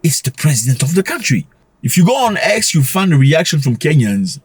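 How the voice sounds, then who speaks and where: A man hosting a casual commentary vlog, talking in an animated way, full of rhetorical questions and quick chuckles. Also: on the high side, husky, no room sound. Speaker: commentary channel host.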